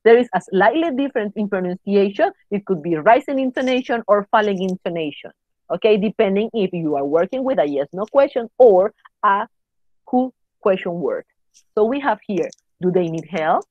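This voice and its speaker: A woman explains English grammar step by step, spelling out letters and checking in with a quick "okay?". Her voice sits in an ordinary middle register. The recording is dry and a little dull, with no room sound. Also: medium pitch, animated, dry recording. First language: Spanish. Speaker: English teacher. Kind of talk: recorded online grammar lesson.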